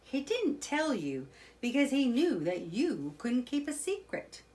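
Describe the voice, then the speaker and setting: A woman's voice: sits high, wildly swooping pitch, unhurried, a little mellow, voice pushed up, exaggerated voice. A woman voicing a wise, commanding old male badger in a children's storybook. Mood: stern.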